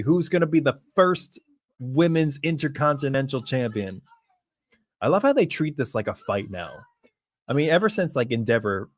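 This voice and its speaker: A man reacting live to a wrestling show, chatting to viewers and calling the action play by play like an excitable fan. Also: mid-range voice, no echo.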